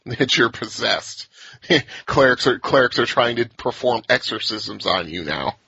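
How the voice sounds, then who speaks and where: A man's voice: medium pitch, lively intonation, a little slow, vocal fry, sharp tone, husky, no room sound, highs cut off. A man hosting a podcast in casual chat, laughing often and restarting his sentences. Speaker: podcast host.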